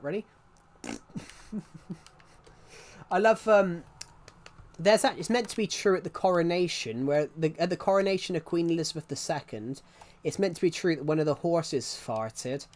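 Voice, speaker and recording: A young man chatting on a live stream, his voice sitting a touch higher than most men's. He rambles, restarts sentences, and laughs at his own jokes. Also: expressive, normal speed. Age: young adult. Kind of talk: casual live-stream chat.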